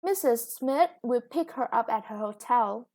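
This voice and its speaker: A woman's voice: fairly high pitch, lively intonation, a little mellow. A woman with a Vietnamese accent teaching an English lesson, explaining patiently and drawing out new words as she goes. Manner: patient, explains slowly, stretches new words, self-corrects. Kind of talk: recorded classroom lesson for students.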